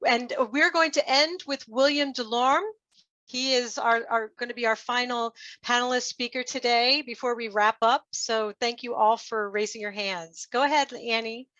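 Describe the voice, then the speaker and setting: A woman's voice: on the high side, fairly even intonation, normal speed, sharp tone, no echo, highs cut off. A woman moderating a panel on a casual group call, upbeat and encouraging.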